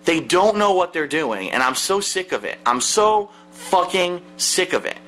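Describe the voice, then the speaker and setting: A man with a high, bright voice rants to camera from his seat at home, swearing in nearly every sentence. His pitch leaps around with heated exasperation. The tone is that of a profane gaming-video tirade. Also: very animated, measured pace, faint music behind, rough recording. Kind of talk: angry profane rant to camera. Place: seated indoors at home.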